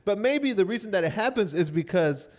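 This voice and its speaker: A man's voice: sits high, a little fast. Tipsy man, casual podcast chat. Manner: relaxed, joking, code-switching with slang. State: tipsy from shots. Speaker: podcast co-host.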